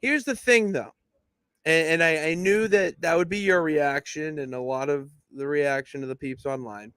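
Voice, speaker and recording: A young man talks wrestling on a casual podcast, emphatic and animated as he lays out storyline ideas. His voice sits a bit high for a man, recorded close and dry. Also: moderate pace, clean tone, no echo. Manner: emphatic, animated booking pitches. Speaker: podcast co-host. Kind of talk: casual wrestling analysis chat.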